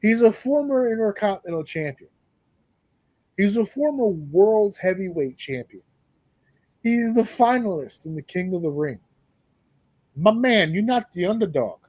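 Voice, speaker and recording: A man co-hosting a podcast in casual wrestling talk, animated and profane, acting out quotes in exaggerated voices. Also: sits high, a little slow, pauses often, no echo. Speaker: podcast co-host.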